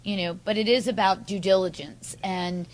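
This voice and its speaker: A woman's voice: mid-range voice, steady tone, normal speed, low-quality recording. A woman moderating an author panel, encouraging students to ask questions. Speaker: moderator and instructor.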